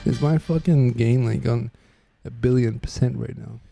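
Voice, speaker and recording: A man with a mellow, relaxed voice at a middling pitch jokes crudely through a laid-back podcast chat. He laughs often, and the sound is close and dry. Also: moderate pace, gravelly, dry recording, soft background music. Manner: crude joking, frequent laughter. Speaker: podcast co-host.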